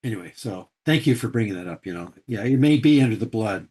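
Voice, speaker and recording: A man's voice: fairly low pitch, lively intonation, quick pace, dark tone, husky. A man in a casual podcast discussion about recovery, thinking aloud and searching for the right words.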